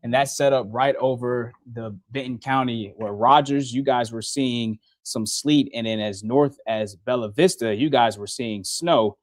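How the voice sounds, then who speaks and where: A man's voice: mid-range voice, a little slow, few pauses, no echo. A young man giving a casual live-stream weather update from a TV studio, chatty and laughing often as he works the radar. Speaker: TV meteorologist. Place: TV station studio.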